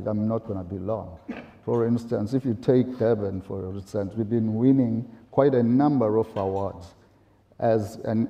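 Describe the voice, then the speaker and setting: A man speaking on a panel, halting with many fillers and rhetorical questions. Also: lowish voice, creaky, mellow. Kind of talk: panel discussion. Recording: roomy echo.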